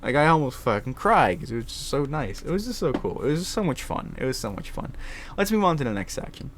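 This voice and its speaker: A man's voice: mid-range voice, sing-song, fast, slight background noise. A young man chatting casually in his room, rambling with many restarts and swearing. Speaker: vlogger. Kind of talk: casual chat.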